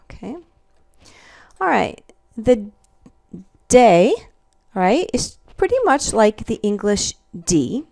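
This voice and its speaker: Slow, careful woman teaching. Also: medium pitch, very animated, creaky, dark tone, no room sound, clean studio sound. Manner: slow, careful, repeats example words; checks in with "okay" and "all right". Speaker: Spanish teacher. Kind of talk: classroom lesson on pronunciation.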